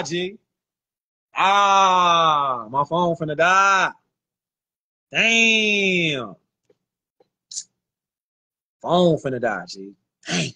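A man hosting a livestream on his phone, talking in a slangy, animated way and repeating lines for emphasis. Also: a little high, very slow, creaky, pauses often. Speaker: livestream host. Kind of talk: casual livestream rant.

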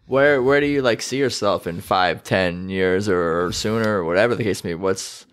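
A man's voice: lowish voice, normal speed, smooth. A man hosting a podcast interview, easygoing and casual, asking questions and giving short replies. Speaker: podcast host.

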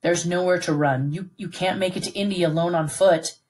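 A woman reading aloud voices a protective, steady, middle-aged British plantation father who speaks earnestly and reassuringly to his son. Her natural voice is fairly low, a little mellow, fairly quick, with fairly even intonation.

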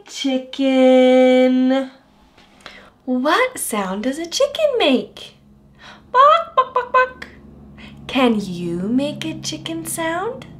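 Very slow, high sing-song woman teacher. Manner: exaggerated gasps and drawn-out words. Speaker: children's speech educator.

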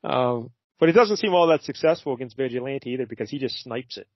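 Relaxed male podcast co-host, loose and rambling, on a dull dry remote line. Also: mid-range voice, fast talker, no room sound. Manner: laid-back, rambling with many fillers. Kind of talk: casual chat recapping a comic.

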